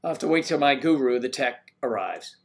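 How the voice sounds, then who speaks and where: Older man, livestream host, casual rambling chat, mid-pitched voice, talks to viewers by name. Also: expressive, a little fast. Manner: rambling, greets viewers by name, fumbles with tech.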